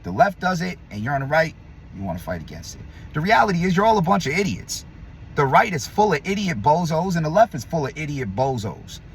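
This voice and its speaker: Profane, animated man ranting. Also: brisk, a little hiss or hum. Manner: blunt, profane, combative; swings between loud emphasis and low muttering. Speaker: vlogger. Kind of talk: heated opinion rant to camera.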